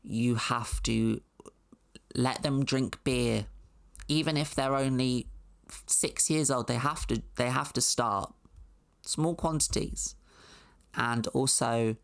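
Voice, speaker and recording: A woman's voice: rumbling low, animated, slow, vocal fry, long pauses. A woman hosting a comedic video essay, commenting with dry, sarcastic asides. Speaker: host.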